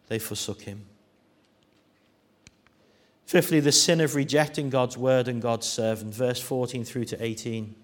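A man preaching a sermon, dropping to hushed tones and rising to loud, acted-out quotes. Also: medium pitch, fairly even intonation, a little slow, long pauses. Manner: dramatic shifts from hushed to loud, acting out quoted voices.

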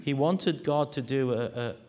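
A man preaching a sermon at a middle pitch. He swings between hushed, grave lines and loud, ringing quotes that he acts out. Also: measured pace. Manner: dramatic shifts from hushed to loud, acting out quoted voices.

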